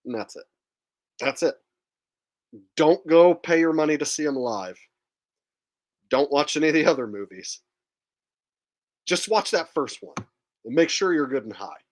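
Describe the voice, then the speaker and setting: A man's voice: a little high, expressive, a little slow, long pauses. A man hosting his own channel, telling a rambling, profane story in a casual, wry way. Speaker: channel host. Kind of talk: casual comedic monologue.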